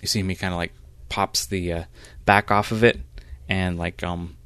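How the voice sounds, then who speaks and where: A man narrating a role-play as game master, halting with many fillers. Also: low-pitched, steady tone, fairly bright tone, smooth, dry recording.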